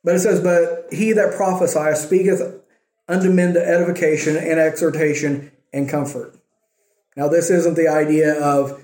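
Male pastor, fairly high mellow voice, easygoing sermon delivery, roomy echo. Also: steady tone, normal speed. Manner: conversational preaching, checks in with "right?" and "okay?".

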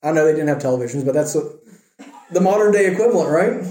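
Sex: man. Role: Bible study teacher. Style: casual, animated storytelling with joking asides. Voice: high and mellow. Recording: echoey room. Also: quick pace, faint music behind.

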